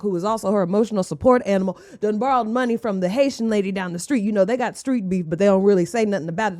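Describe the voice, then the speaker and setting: A woman's voice: mid-range voice, darkish tone. A woman hosting a reaction video, giving sassy, mocking asides in casual commentary. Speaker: host reacting to a clip.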